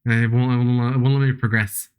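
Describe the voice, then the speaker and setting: A man's voice: mid-range voice, level tone, fairly quick, a little mellow, clean tone. A young man streaming a video game, chatting casually, giggling and teasing himself. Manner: chatty, giggly, self-mocking. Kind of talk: casual gameplay commentary.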